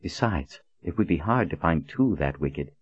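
A man voicing a composed, stern woman leader who speaks in a low, calm, clipped way, on a dull, lo-fi recording. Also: moderate pace, slightly rough, no echo.

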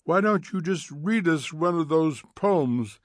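A prim, gossipy society lady, nosy and coaxing, as a male narrator puts her on. Her voice sits higher and chatty, recorded close and dry. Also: lively intonation, slow, no room sound.

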